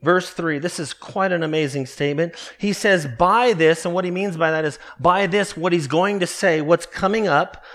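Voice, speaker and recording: A man preaching a morning sermon, earnest and emphatic, slowing down to stress key words. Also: a little high, fairly bright tone. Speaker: pastor.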